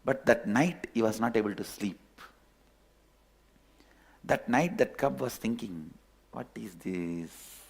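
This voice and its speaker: A man telling a parable in a sermon, playful and animated. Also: medium pitch, unhurried, vocal fry, long pauses, slightly rough. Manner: playful, animated storytelling with chuckles. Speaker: spiritual teacher. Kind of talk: sermon storytelling.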